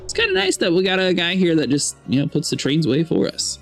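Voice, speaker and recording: A man hosting a let's play, chatting and reading the game's text aloud in an animated way. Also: fairly high pitch, fast, soft background music. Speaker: gaming channel host.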